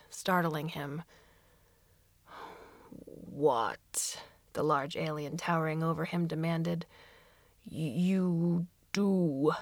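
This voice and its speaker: A woman narrates a story in a fairly low voice. Her reading is expressive, and she slips into voices for the characters. The sound is dry and close, with no room echo. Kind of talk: audiobook narration.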